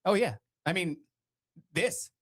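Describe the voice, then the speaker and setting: A man's voice: high voice, expressive, slow, dry recording. A man hosting a podcast in casual chat, rambling and hesitant with many restarts. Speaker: podcast host.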